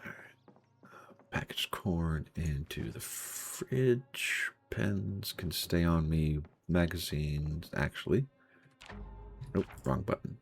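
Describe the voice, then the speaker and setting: A man's voice: sits low, slow pace, vocal fry, husky, faint music behind. A man streaming a game live, muttering through his looting and reacting to chat in casual commentary.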